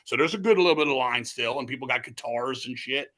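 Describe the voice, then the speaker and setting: A man talks in a very bright, forceful voice, rambling through his stories with heavy cursing and frequent restarts. His tone is excitable and conversational, like an interview guest holding forth. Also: mid-range voice, quick pace. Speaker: interview guest, metal musician. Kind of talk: casual storytelling chat.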